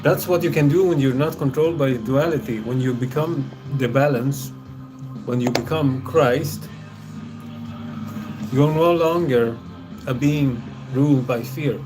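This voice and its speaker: A man's voice: medium pitch, a little slow, over music. A man from Sweden with a Swedish accent, talking in a rambling, hesitant casual stream monologue, laughing often between his words. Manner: rambling, hesitant, with frequent laughs and filler sounds.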